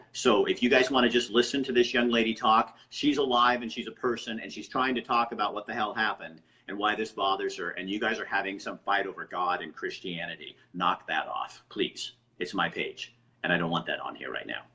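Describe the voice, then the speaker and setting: A man's voice: deep voice, a little fast, bright, forceful tone. A man hosting a live-streamed interview over a video call, bluntly telling commenters to stop arguing. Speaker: host of a live online interview.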